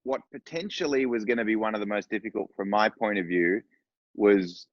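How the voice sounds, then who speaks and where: A low-pitched man talks through a long anecdote in a loose, rambling way, restarting his sentences. The sound is dry and a little dull, as on a video call. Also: a little fast, no room sound. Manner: rambling, warm storytelling with restarts. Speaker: director on a panel. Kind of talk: casual panel discussion.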